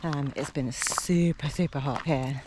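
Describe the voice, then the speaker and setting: A woman's voice: deep voice, steady tone, unhurried, background noise. A woman in her fifties, chatty and casual, vlogging outdoors by a lake and talking to a handheld camera while out on a training run, at times out of breath. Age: 50s. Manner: chatty, talks between breaths while running. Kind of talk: casual vlog while out running. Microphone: handheld camera while running.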